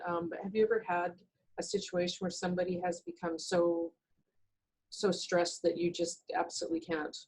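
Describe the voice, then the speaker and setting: A woman's voice: lowish voice, gravelly, a little mellow, slightly rough, low-quality recording. A woman interviewer asking a guest questions on a webinar, thoughtful and a little hesitant.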